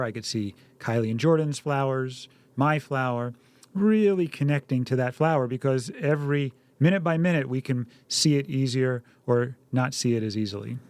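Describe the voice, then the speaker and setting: A man's voice: medium pitch, darkish tone, no room sound. A middle-aged man co-hosting a parenting talk, earnest and storytelling, acting out little dialogues. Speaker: podcast co-host, parent.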